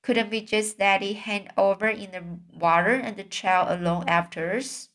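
A woman reads the part of a sensible, good-natured young girl from a storybook. The reading is slow and even, spoken in a plain everyday voice rather than a put-on character voice. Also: mid-range voice, close to an everyday voice. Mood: coaxing. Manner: read aloud plainly in her own voice. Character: practical, kindly young girl.

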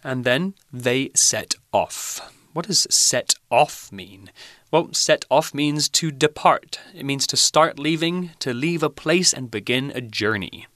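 A man's voice: mid-range voice, lively intonation, slow pace, fairly bright tone, no echo, studio quality. A man from England co-hosting an English lesson, explaining vocabulary in a chatty way with frequent fillers. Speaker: English teacher co-host.

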